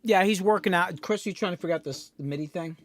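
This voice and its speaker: A man's voice: high voice, fast. A man, a music producer, chatting casually on a livestream from his recording studio, sometimes talking with his mouth full. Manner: talks with his mouth full, loose and rambling.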